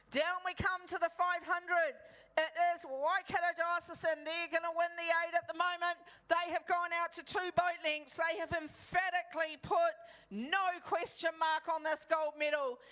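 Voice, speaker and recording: A woman's voice: very high-pitched, a bit bright. A woman calling a rowing race live as commentator, in urgent play-by-play.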